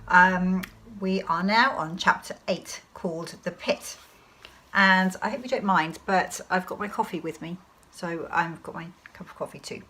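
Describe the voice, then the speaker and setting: A woman teacher reading a children's novel aloud to her class in an expressive storytelling manner. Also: on the low side, measured pace, low-quality recording.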